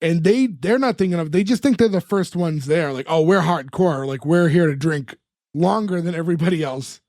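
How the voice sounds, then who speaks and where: A man's voice: a little high, moderate pace, a little mellow, no echo, studio quality. A man co-hosting a podcast, casually retelling a sitcom episode scene by scene and acting out the characters' lines as he goes. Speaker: podcast co-host. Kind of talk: casual chat recapping a TV episode.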